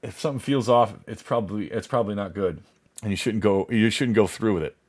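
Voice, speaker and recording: A man's voice: on the low side, fast talker. A man vlogger telling a story in a rambling, profane way, full of restarts. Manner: animated, acts out others' voices. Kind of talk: casual storytelling.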